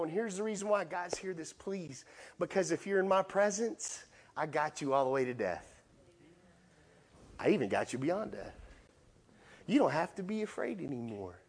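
Male pastor, middle-aged, higher voice, lively sermon delivery with playful asides. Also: normal speed, breathy edge. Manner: animated preaching with playful acted asides.

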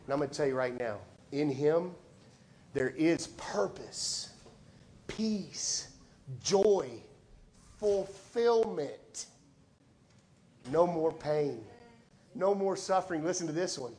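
A middle-aged man preaching a sermon as a pastor, telling stories conversationally and swinging between quiet, low lines and loud, high ones. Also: expressive, slow pace, pauses often. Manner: conversational storytelling with repeated words.

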